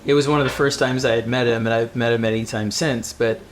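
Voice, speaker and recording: A man speaking as a comic book writer on a live panel, animated and rambling, laughing between thoughts. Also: mid-range voice, fast. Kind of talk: casual live panel talk. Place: live event before an audience.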